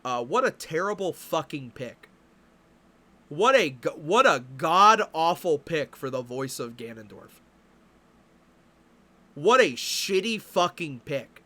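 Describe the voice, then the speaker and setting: A man's voice: fairly high pitch, big pitch swings, takes it slowly, pauses often, pushed and bright. A man streaming, ranting about video games in a profane, exasperated way.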